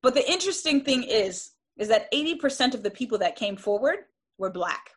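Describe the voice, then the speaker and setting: A woman's voice: fairly high pitch, big pitch swings, fairly quick, slightly rough. A woman giving a classroom lecture in an earnest, emphatic way, often restarting and checking in with "right?".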